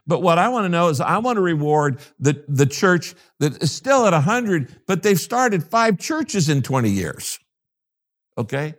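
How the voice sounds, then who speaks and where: A man's voice: fairly high pitch, sing-song, measured pace. An older man, a pastor from the United States, talking in an interview in an emphatic, preacherly way and repeating his key phrases. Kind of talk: interview conversation.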